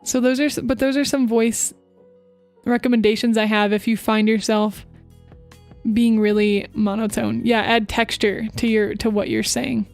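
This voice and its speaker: Young female VTuber host, quick bubbly chatter, slightly high pitch, faint music bed. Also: level tone, vocal fry, darkish tone. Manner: fast, chatty, bubbly, talks to chat. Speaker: VTuber streamer. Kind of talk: live stream chat and voice tips. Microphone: close desk microphone.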